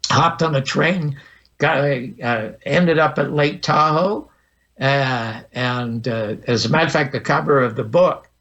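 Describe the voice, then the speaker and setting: A man's voice: medium pitch, a little slow, a bit bright. A man in his eighties, a podcast guest telling vivid personal anecdotes and acting out the dialogue. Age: 80s. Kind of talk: storytelling interview. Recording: dull lo-fi audio.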